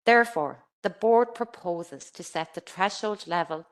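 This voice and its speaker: A woman presenting a scripted webinar for a regulator, in a measured, formal manner as she reads from a script. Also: fairly low pitch.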